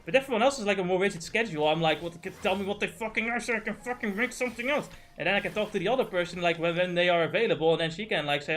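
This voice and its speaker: A man's voice: high voice, racing, hardly any pauses, a bit bright, soft background music. A man streaming a game and ranting in casual, profane, exasperated chat.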